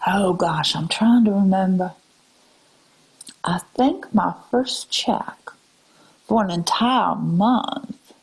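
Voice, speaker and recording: An older woman chatting on a live stream, answering viewers in a soft, musing, often half-whispered way. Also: medium pitch, creaky, breathy edge, low-quality recording.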